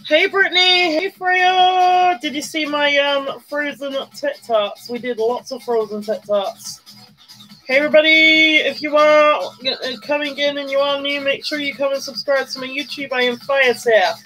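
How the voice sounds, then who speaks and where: A woman hosts a chatty live stream from home while doing her makeup, greeting viewers by name, squealing and humming along to faint background music. Her high voice is sharp and steady at a measured pace, on a rough recording.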